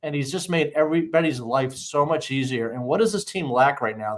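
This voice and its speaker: A man's voice: a little high, fairly quick, hardly any pauses. A man co-hosting a casual sports podcast, ranting and swearing as he tells his stories. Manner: profane, ranting, animated storytelling. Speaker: podcast co-host.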